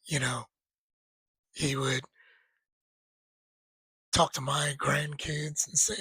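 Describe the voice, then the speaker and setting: A man's voice: fairly high pitch, slow, long pauses, slightly rough, dry recording, rough recording. A man in his thirties casually recounting a story about a late friend, rambling, laughing and sometimes tearful. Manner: rambling, laughs while retelling, quotes friend in lively voices. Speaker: storyteller sharing grief.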